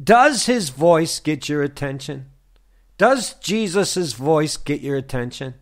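A man delivers a fervent broadcast sermon, his voice high and swinging widely in pitch. He preaches at an unhurried, deliberate pace, firing repeated questions at his listeners. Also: expressive.

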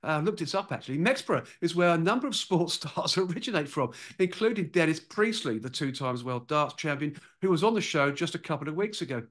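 Lively, high-pitched male interviewer. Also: a little fast, hardly any pauses. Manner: eager, asks long lead-in questions. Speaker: interview host. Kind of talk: chatty interview hosting.

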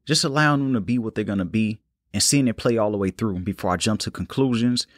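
Calm, unhurried man podcasting. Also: lowish voice, no room sound, clean studio sound. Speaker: podcast host. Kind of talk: casual solo podcast talk.

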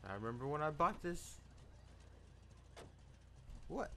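Excitable young man commentating a game. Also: mid-range voice, background noise. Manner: excitable, swearing, quick jumps into loud outbursts. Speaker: gameplay video host. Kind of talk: casual gaming commentary.

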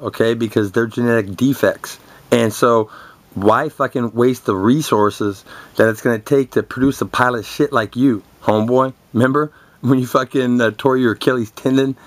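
A man's voice: mid-range voice, a bit bright, no room sound. A young man telling crude, boastful stories in a rambling, confrontational rant full of swearing. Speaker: vlogger. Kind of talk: profane rambling monologue to camera.

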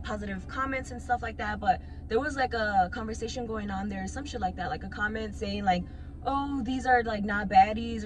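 A young woman who works as a club dancer talks casually in a vlog. She swears freely and leans heavily on "like" and "um". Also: fairly high pitch. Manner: loose and profane, heavy with "like" and "um" fillers. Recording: clear background music under the voice. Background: music playing.

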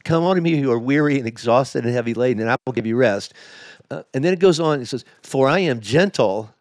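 A middle-aged man, a pastor, telling his story in a candid interview, halting with many restarts. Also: mid-range voice, darkish tone, no echo, clean studio sound. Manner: emotional, halting, with many restarts and quoted asides. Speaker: lead pastor.

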